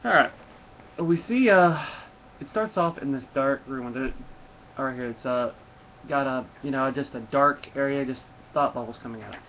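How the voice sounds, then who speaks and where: A man's voice: medium pitch, normal speed. A man casually reviewing a comic book, rambling with lots of fillers, on a dull lo-fi recording with faint hiss.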